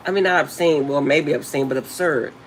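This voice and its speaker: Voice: mid-range voice, a little fast, slight background noise, rough recording. An older channel host giving casual spiritual advice to viewers in an emphatic, slangy, blunt way, laughing often.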